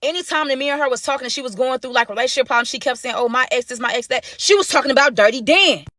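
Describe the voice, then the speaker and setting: Woman, storytime vlogger, rapid-fire, animated, slangy, slightly high voice, dry close sound. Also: no room sound. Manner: animated, dramatic, slangy, talks to viewers as "y'all". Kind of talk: casual storytime vlog.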